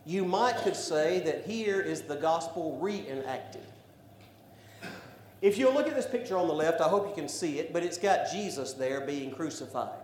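A man preaching a sermon, building to loud emphatic declarations. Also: a little high, animated, normal speed. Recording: echoey room with faint background noise.

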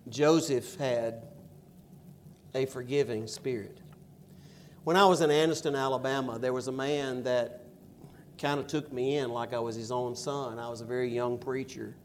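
A middle-aged man preaching a sermon and reading scripture, with emphatic stresses and quiet asides. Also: medium pitch, fairly even intonation, normal speed, a little hiss or hum. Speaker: pastor.

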